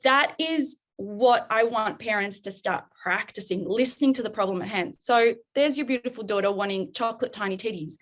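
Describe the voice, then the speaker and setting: A woman's voice: mid-range voice, normal speed, few pauses. A woman, a parenting coach talking animatedly and acting out scenes on a podcast. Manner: animated, acts out parent and child in role-play. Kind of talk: podcast interview.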